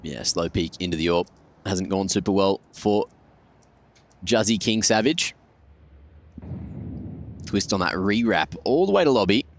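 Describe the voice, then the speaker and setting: A man explains the tactics of a live esports match in a measured, steady way. His voice sits on the low side. Faint game ambience hums behind him. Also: slight background noise. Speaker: esports analyst caster.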